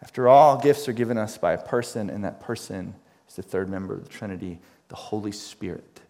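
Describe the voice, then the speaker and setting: A man's voice: lowish voice, fairly quick, darkish tone. Man preaching an emphatic sermon. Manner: emphatic preaching with repetitions and rising questions. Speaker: pastor.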